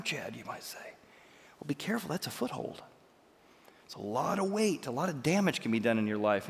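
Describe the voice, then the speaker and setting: A man preaching a sermon as pastor, telling stories with lively swings between loud and quiet. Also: mid-range voice, in a large hall. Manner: animated storytelling, jumps between loud and soft.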